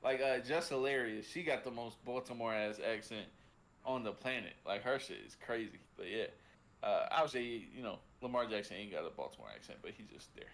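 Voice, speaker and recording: A man's voice: mid-range voice, brisk, fairly bright tone. A man co-hosting a sports podcast, talking casually with many restarts and fillers, sometimes swearing. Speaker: podcast co-host.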